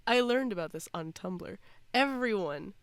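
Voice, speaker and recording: A woman's voice: mid-range voice, lively intonation, measured pace, clean tone, no echo, studio quality. A woman from the United States hosting a podcast, chatty and teasing in casual conversation. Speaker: podcast host. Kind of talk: casual chat.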